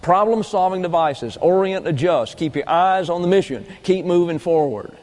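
Male pastor, higher-pitched voice, emphatic repetitive sermon delivery, long church-hall reverb. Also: normal speed, darkish tone. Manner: emphatic, repetitive teaching with folksy trail imagery. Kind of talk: doctrinal sermon.

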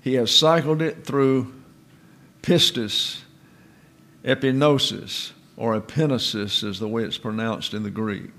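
A man's voice: on the low side, normal speed, few pauses, fairly bright tone. A man teaching a Bible doctrine lesson, carefully explaining how Greek words are pronounced and repeating terms with precision. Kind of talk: slow teaching sermon with Greek word study.

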